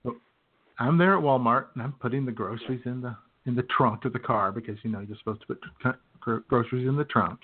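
A man's voice: medium pitch, fast, breathy edge. Host guy telling a funny story, laughs a lot, sounds like a phone line. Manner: laughing through his anecdote, with restarts. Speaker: show host. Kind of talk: casual chat, storytelling. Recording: phone-quality audio.

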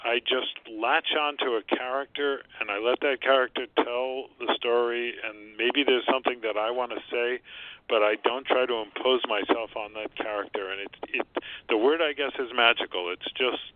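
A man's voice: mid-range voice, fairly even intonation, dry recording. A man speaks as an interview guest, stumbling and repeating words as he gathers his thoughts. His voice comes through a thin, tinny phone line. The sound is dry, with no room around it. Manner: halting, many restarts and repeated words. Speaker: guest novelist and screenwriter. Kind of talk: interview conversation.

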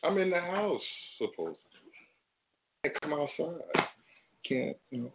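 A man's voice: on the high side, very animated, measured pace, gravelly. Slangy man ranting, tinny audio. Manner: loose slangy talk with heavy swearing. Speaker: show host. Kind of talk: casual rant to camera.

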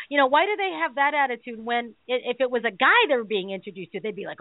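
A woman's voice: on the high side, quick pace, no echo. Chatty woman on a thin radio line. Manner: animated, laughing storyteller full of fillers. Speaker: radio show co-host. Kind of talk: casual storytelling chat. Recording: dry, phone-like thin sound.

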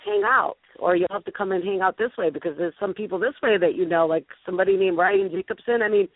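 A woman's voice: medium pitch, quick pace, no echo. A woman hosting a live call-in show, chatting in a gushing, casual way with stumbling restarts. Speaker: show host. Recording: tinny phone-line sound.

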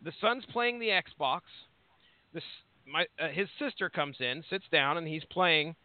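Thirties male co-host, high voice, rambling and profane, tinny dry line. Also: animated, unhurried, no echo. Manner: rambling, swears freely. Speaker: podcast co-host. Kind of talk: casual profane chat.

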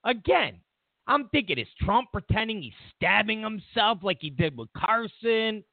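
On his own show, a man rants about the news in a casual, sarcastic, mocking political commentary. His high voice is very animated, a little slow and creaky. The recording is dry and tinny, like a phone line.

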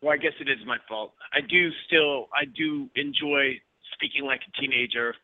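A man's voice: mid-range voice, normal speed, no room sound. A man chatting casually as a guest, rambling with restarts and playful slang. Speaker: guest actor. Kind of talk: casual chat. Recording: phone-like audio.

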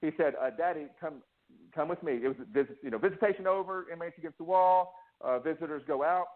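A man's voice: fairly high pitch, quick pace, narrow, tinny audio. A man being interviewed, telling his own story with lots of restarts and acted-out quotes. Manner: emotional, restless, many restarts and acted-out quotes. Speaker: interview guest. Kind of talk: candid personal storytelling.

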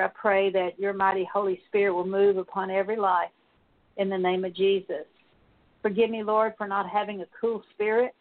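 A woman praying aloud as a minister, leading a spoken prayer of confession as a steady litany of repeated petitions. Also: medium pitch. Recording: tinny phone-like sound.

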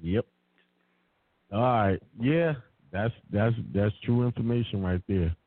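A man's voice: on the low side, takes it slowly. A man hosting a call-in radio show, answering with laid-back, brief affirmations and closing the show. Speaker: host. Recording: dry tinny phone line.

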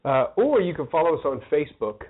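A man co-hosting a relaxed chat show, talking in a slightly high voice. He rambles and restarts when he gets flustered. The sound is thin and tinny, like a phone line. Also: quick pace, slightly rough. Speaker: co-host. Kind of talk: casual chat. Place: small studio.

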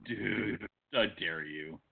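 A man's voice: low-pitched, takes it slowly, creaky, slightly rough. A man co-hosting a podcast, joking and bantering in casual chat. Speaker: podcast co-host. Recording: tinny phone-like audio.

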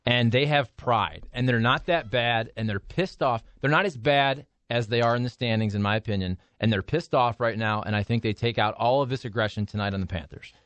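A man's voice: medium pitch, brisk, hardly any pauses, a bit bright, no room sound. A man co-hosting a sports talk radio show in a studio, giving emphatic opinions in casual banter. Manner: opinionated, emphatic hot takes. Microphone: studio microphone.

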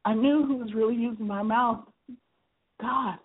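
Husky woman reading her memoir. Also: on the high side, fairly even intonation. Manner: earnest, measured storytelling. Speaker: author reading her own book. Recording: tinny phone-like sound.

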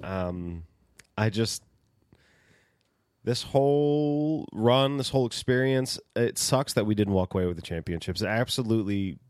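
A man's voice: lowish voice, lively intonation, a little slow, a little mellow, dry recording, studio quality. A young man co-hosting a casual sports podcast, talking in an easygoing, hesitant way. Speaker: podcast co-host.

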